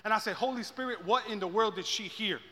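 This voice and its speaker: Male pastor, high bright voice, passionate sermon builder, reverberant church hall. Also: fast talker. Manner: builds from quiet intensity to shouting climaxes, repeats phrases.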